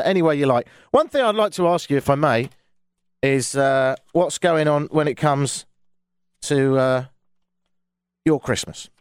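A man's voice: a little high, clear, resonant tone, dry recording. An English man hosting a radio talk show from a studio, with dry, self-mocking banter. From England. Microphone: studio microphone.

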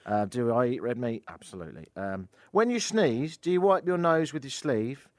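Man, radio host, casual studio chat, joking, wry, animated, dry close mic. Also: medium pitch, moderate pace, no room sound. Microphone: studio microphone.

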